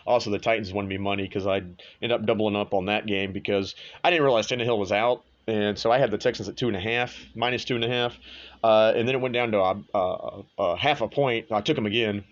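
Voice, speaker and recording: A man with a lowish voice runs a casual sports show, blunt and quick to swear, tossing off offhand asides as he goes. The sound is a little dull and lo-fi. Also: steady tone. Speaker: sports podcast host. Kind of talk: casual sports and betting talk.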